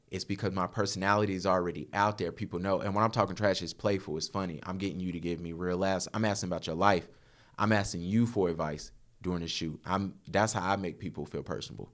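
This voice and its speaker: Chatty low-voiced man in his thirties. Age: 30s. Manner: animated, chatty storyteller who laughs often. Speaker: podcast guest, photographer. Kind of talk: casual storytelling chat.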